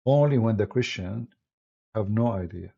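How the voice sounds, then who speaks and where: A man with an Arabic accent holds forth on a live stream in an emphatic, combative monologue, often breaking off and restarting his phrases. His voice is gravelly and husky, with a dark, mellow tone. The stream audio sounds dull and lo-fi. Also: lowish voice, normal speed. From Middle East. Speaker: apologist hosting a live stream.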